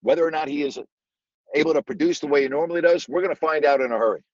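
A man's voice: fairly high pitch, racing, a little mellow, no echo. A male sports radio host talks to callers and hammers home his points with emphatic repetition. His voice comes through a dry studio sound. The sound is dull and lo-fi. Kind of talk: sports call-in talk.

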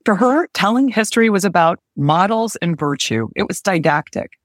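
A middle-aged woman and English professor reads aloud expressively and then speaks in a measured, thoughtful way. Her voice sits at an ordinary pitch. The sound is close and dry. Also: expressive, no echo. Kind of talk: dramatic reading and interview talk.

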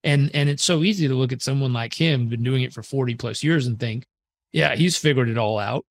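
Appearing as a podcast guest, a male performance coach tells a story in an earnest, animated way, swearing casually as he goes. His voice is mid-range and his delivery brisk.

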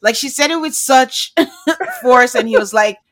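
A woman's voice: fairly high pitch, normal speed. A woman co-hosting a podcast, recapping a reality show in casual chat, laughing often and quoting people. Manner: chatty, laughs often, quotes people in animated asides.

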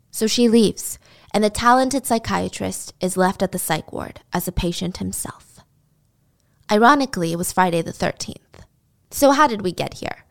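A woman telling a true-crime story with a casual, dramatic delivery. Her voice sits on the higher side, and she sometimes sinks to a whisper. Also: a bit bright.

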